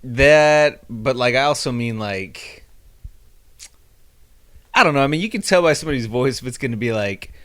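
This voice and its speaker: A man's voice: medium pitch, lively intonation, moderate pace, pauses often, a bit bright, no echo. A man co-hosting a podcast, musing and giving opinions in casual chat, hedging with many fillers. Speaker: podcast co-host.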